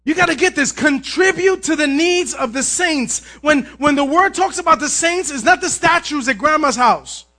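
Man, pastor, energetic sermon, high voice, frequent shouting. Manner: energetic preaching, often shouting; asks the congregation "Amen?".

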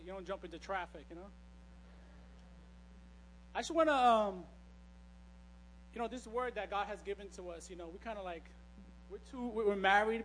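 A man's voice: high voice, a bit bright, slight background noise. A male pastor giving a conversational sermon, joking and telling stories with frequent restarts. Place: church.

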